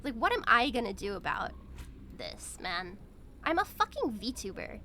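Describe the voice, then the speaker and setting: A woman's voice: on the high side, sing-song, unhurried, pushed and bright, slight background noise. A woman streamer chatting casually while she plays, blunt and profane, rambling with lots of fillers. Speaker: VTuber streamer.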